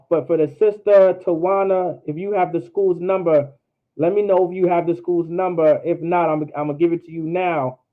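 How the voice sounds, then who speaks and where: Man teaching over a tinny line. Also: a little high. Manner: casual, repeats and drills letter sounds aloud. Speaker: language class teacher. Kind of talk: online class instruction.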